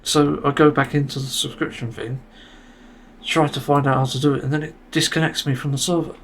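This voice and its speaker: A man's voice: a little high, level tone, brisk, a little hiss or hum. A man hosting a solo podcast, ranting in exasperation and swearing often. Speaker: podcast host.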